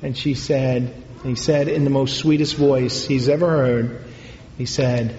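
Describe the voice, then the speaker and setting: A man, a priest, telling a story in a sermon, in an unhurried, halting way with pauses and fillers. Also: medium pitch, fairly even intonation, a little mellow, slight background noise. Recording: echoey hall, dull lo-fi sound.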